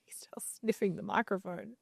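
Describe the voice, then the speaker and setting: A woman's voice: medium pitch, fairly even intonation, a little slow, vocal fry, breathy edge, dry recording. A young woman co-hosting a casual podcast from a home studio, chatty and opinionated as she gives advice. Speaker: podcast co-host.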